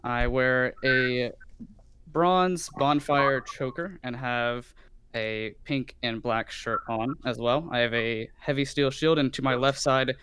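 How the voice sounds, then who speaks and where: A man's voice: medium pitch, slow pace, a bit bright, a little hiss or hum. A man playing in a tabletop role-playing game, describing his character in a matter-of-fact way. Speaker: player.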